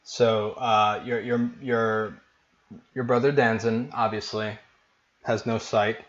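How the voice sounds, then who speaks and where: A man's voice: on the low side, flat delivery, slow, dull audio. A man narrating as game master of a tabletop game, in a casual, hesitant way with many fillers.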